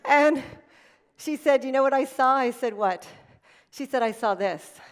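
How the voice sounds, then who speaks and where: A woman's voice: sits high, unhurried, long reverb tail, slight background noise. A middle-aged woman giving a motivational talk to an audience, emphatic and storytelling, repeating her key phrases. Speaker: keynote speaker. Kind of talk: motivational speech. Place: event stage before an audience.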